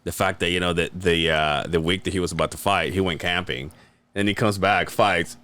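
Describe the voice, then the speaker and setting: A man's voice: low voice, a little fast. A man in his late thirties co-hosting a podcast, telling stories in a casual, swearing way. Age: 30s. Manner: animated, swearing, laughing storyteller. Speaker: podcast co-host. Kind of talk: casual chat.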